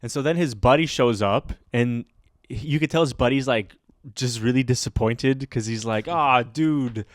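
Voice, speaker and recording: A man's voice: medium pitch, moderate pace, dry recording, clean studio sound. Rambling man telling a story. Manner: rambling, filler-heavy, animated retelling. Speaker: podcast host. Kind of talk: casual storytelling chat.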